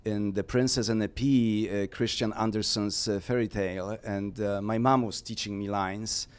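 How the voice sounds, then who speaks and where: A man from Poland, a talk show guest telling his story in a calm, reflective way. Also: lowish voice, normal speed, clean tone. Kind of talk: casual interview.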